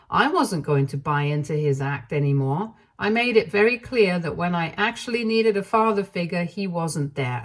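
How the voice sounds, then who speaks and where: A woman reading a first-person story aloud in an even, measured narration style. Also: fairly low pitch.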